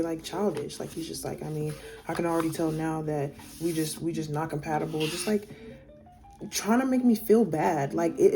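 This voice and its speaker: A woman's voice: low-pitched, dark tone. A young woman telling a personal story in a casual storytime, rambling with lots of fillers and swearing, her voice climbing when she gets worked up.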